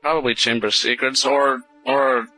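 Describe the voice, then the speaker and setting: A man's voice: medium pitch, fairly even intonation, normal speed, sharp tone, no room sound, faint music behind, low-quality recording. A man co-hosting a call-in podcast, talking in an easygoing way. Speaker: podcast co-host.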